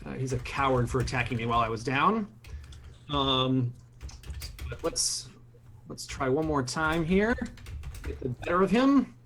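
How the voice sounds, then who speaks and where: A man's voice: medium pitch, lively intonation, unhurried, pauses often, a bit bright, a little hiss or hum. A young man playing a tabletop game, hesitant at times and then describing his character's actions vividly. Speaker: player. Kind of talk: tabletop role-play chat.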